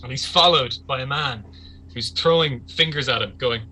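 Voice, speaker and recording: A man's voice: medium pitch, normal speed, very noisy. A man narrating a tabletop game as game master, chatty and vivid, with many ums.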